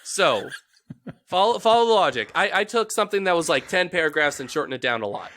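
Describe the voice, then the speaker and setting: A man's voice: high voice, lively intonation, a little fast, fairly bright tone, no room sound, clean studio sound. A man hosting a casual podcast, explaining history in a rambling, jokey, self-correcting way. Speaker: podcast host presenting research.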